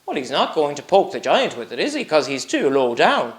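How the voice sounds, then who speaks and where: A man's voice: a little high, sing-song, brisk. A male teacher reading a storybook aloud to young children, sing-song and full of questions for them. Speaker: primary school teacher.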